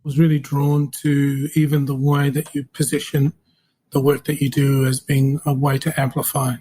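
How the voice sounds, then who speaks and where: A man's voice: medium pitch, completely flat delivery, moderate pace, mellow, slightly rough, low-quality recording. A man from Australia, an interview guest telling anecdotes in a casual, rambling way with many fillers, acting out the voices he quotes.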